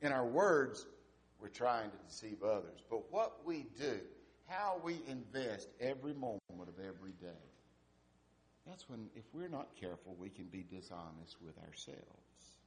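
A male pastor preaching in a conversational way, asking rhetorical questions and trailing off softly at the ends of phrases. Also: fairly low pitch, very animated, measured pace, slight background noise. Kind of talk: sermon.

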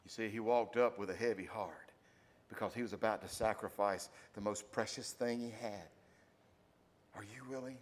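Addressing his congregation with direct questions, a preacher alternates between loud exclamations and hushed asides. His voice is lowish and steady in tone, at a normal speed.

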